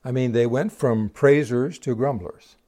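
A man preaches a sermon in a mellow, warm voice. He retells the scripture story with quoted dialogue. He keeps putting rhetorical questions to the congregation. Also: mid-range voice, unhurried.

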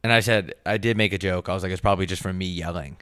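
A young man co-hosting a casual comedic podcast, animated and prone to breaking into loud, high mock voices. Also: rapid-fire, smooth, no echo, clean studio sound. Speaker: podcast co-host.

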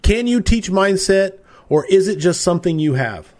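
A man's voice: sits high, lively intonation, moderate pace, a little mellow. A man hosting a live-stream interview podcast, enthusiastic and chatty as he reads out viewer comments. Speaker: podcast host.

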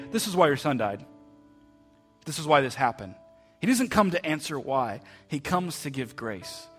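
A man preaching a heartfelt sermon in a church, often repeating words and dropping to a soft voice for quoted lines. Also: a little high. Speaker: pastor. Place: church sanctuary.

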